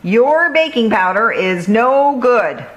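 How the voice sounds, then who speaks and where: A woman voicing a grumpy old male mole who shouts his complaints in a storybook reading. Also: fairly high pitch, expressive, slow pace, voice pushed up. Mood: cross. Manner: shouting, cross.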